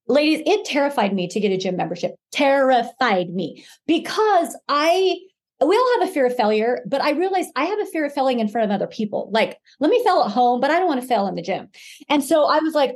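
A woman in her forties talks candidly. She pushes her points with real emphasis. Her voice sits high. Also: brisk. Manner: emphatic, candid, rising excitement. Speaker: podcast guest, fitness influencer. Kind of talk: casual chat.

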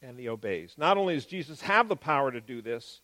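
A man giving an explanatory Bible teaching, stressing key words and moving between quick and drawn-out phrasing. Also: mid-range voice, expressive, pushed and bright.

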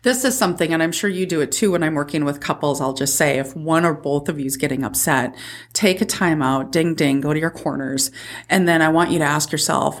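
A woman therapist co-hosting a podcast, giving calm, practical advice on handling conflict. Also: low-pitched, a little fast. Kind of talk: casual podcast chat.

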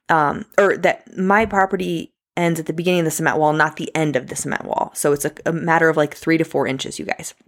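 A woman's voice: low-pitched, fairly quick. A young adult woman hosting a podcast, telling a story in a casual way and acting out the voices she quotes. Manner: animated, acts out quoted voices. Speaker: podcast host.

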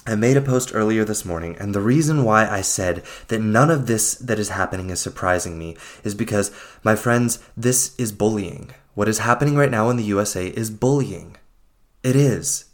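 A man hosting a podcast, talking without a script in an earnest, emphatic way and calling his listeners friends. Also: lowish voice. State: getting emotional. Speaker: podcast host. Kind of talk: unscripted heartfelt monologue.

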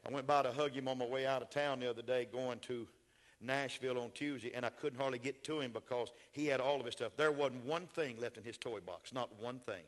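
An older man, a pastor preaching a sermon, swinging from shouted, rising builds to soft, folksy storytelling. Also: mid-range voice, brisk.

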